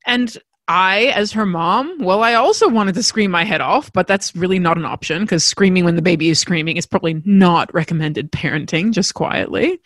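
A woman telling a personal story as a mother in a frank, expressive, self-mocking way, swearing casually. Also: lowish voice, normal speed, no echo.

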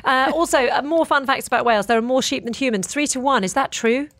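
A woman from Britain hosting a casual radio chat interview, playful and quick to laugh as she teases her guest. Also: high-pitched, fairly bright tone, dry recording. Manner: playful, laughs often, teasing. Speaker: radio show host.

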